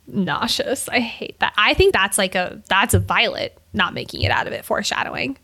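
A woman co-hosting a podcast, chatting casually about a book, animated, laughing often and swearing casually. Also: medium pitch, normal speed, gravelly, breathy edge. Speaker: podcast co-host.

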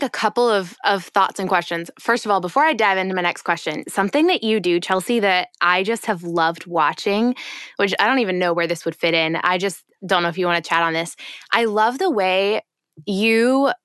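A woman host speaks in a casual podcast chat, gushing and stretching out her phrases. Her voice is smooth and clear. The recording is dry, with no room sound. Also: mid-range voice, animated, no echo. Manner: warm gushing praise, drawn-out phrasing.

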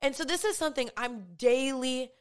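A woman's voice: sits high, normal speed, clean tone. A young woman hosting her own podcast, giving a candid, casual personal update and leaning heavily on "like" as she talks. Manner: candid, heavy use of "like", emotional at times. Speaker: podcast host.

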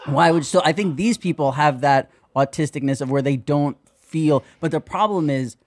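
Rambling man with a fairly high voice. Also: moderate pace. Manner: rambling and animated, acting out others' lines, heavy use of "like". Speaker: podcast guest. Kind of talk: casual podcast chat.

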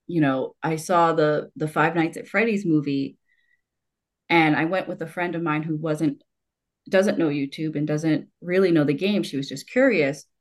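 A woman's voice: low-pitched, moderate pace. A woman in her forties in casual conversation, talking in long rambling stretches with restarts and laughter. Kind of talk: conversational podcast talk.

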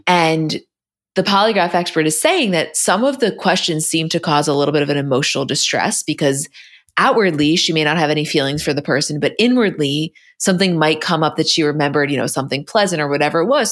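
A woman co-hosting a podcast speaks in a low, fairly quick voice. In casual chat, she bluntly retells a reality show episode, quoting the cast as she goes through the scenes.

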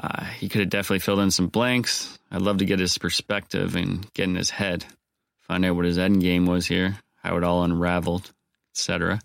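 A man's voice: sits low, little pitch movement, a little fast, vocal fry, fairly bright tone, dry recording. A man hosting a podcast on his own, talking casually and cracking dry jokes to his listeners. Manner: wry, joking asides. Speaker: podcast host.

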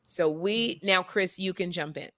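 A woman co-hosting a casual podcast chat, talkative and animated, often repeating and restarting her sentences. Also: fairly low pitch, measured pace, no room sound. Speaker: podcast co-host.

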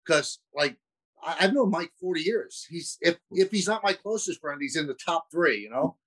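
A man's voice: fairly high pitch, expressive, normal speed, fairly bright tone, rough recording. A man guesting on a talk show, a broadcaster chatting casually and self-deprecatingly, often restarting his sentences. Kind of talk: casual interview chat.

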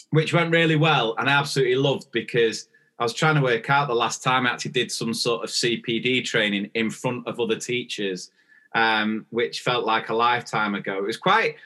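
A man's voice: medium pitch, sharp tone. A young man, co-hosting a podcast and telling a story in casual chat, acting out the dialogue. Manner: chatty storytelling, acts out dialogue. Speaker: podcast co-host.

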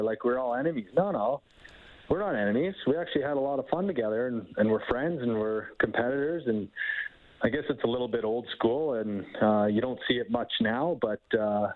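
Canadian man in his thirties, phone-line guest, animated storyteller. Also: mid-range voice. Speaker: guest, hockey scout. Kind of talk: phone-in interview, casual storytelling.

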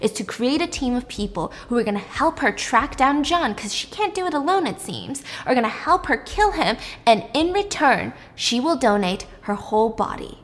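A young woman tells a story in a lively, chatty way and plays up the drama. Her voice sits fairly high. A long reverb trails behind her speech. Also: normal speed, few pauses. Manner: animated, chatty, dramatic retelling. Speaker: storyteller recapping a show. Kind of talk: casual chat.

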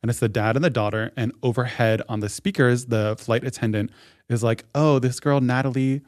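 A man's voice: mid-range voice, flat delivery, a little fast, no echo, studio quality. A man co-hosting a podcast, telling a story in casual chat, full of "like" fillers. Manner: chatty storyteller, heavy "like" fillers. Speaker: podcast co-host.

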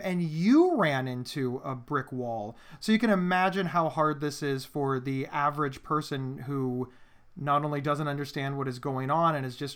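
A man hosting an interview, asking measured, empathetic questions. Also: on the high side, fairly bright tone. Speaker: host.

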